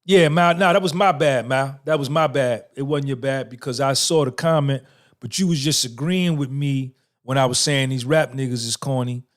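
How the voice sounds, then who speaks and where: A fifty-something man with a mid-range voice and moderate pace hosts a livestream podcast. He chats casually with viewers, bragging and cursing in a streetwise manner.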